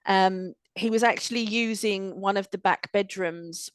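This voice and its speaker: A woman's voice: medium pitch, unhurried, hardly any pauses, smooth, no room sound. A woman hosting a property chat, telling a story in a plain, matter-of-fact way. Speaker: host, property professional. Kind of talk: casual anecdote telling.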